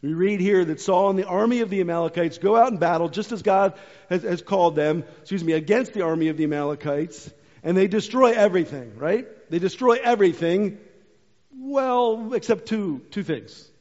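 A pastor giving a sermon, reading scripture aloud, then explaining it in a casual, conversational way. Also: male voice, sits high, normal speed, a little mellow. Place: church sanctuary. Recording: muffled hall recording.

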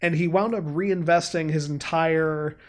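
A man co-hosting a podcast, talking casually in a halting, rambling way with fillers and laughs. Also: a little high, fairly even intonation. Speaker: podcast co-host. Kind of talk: casual chat.

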